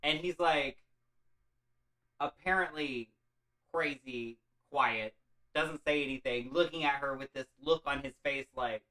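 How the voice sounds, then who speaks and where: A man's voice: medium pitch, measured pace, pauses often, pushed and bright, rough recording. A man casually retelling a classic story as comedy, rambling, offhand and profane. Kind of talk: loose comic retelling of a classic.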